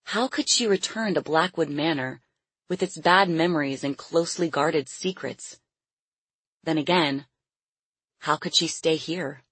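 A woman narrating a novel as an audiobook in a steady reading voice. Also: low-pitched, a little slow, breathy edge, no room sound. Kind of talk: scripted narration.

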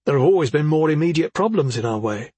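A man's voice: fairly high pitch, lively intonation, quick pace, mellow, breathy edge, no echo, voice pushed up. A man reading an audiobook, voicing an earnest, determined young man who explains his plans plainly. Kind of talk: audiobook character voice.

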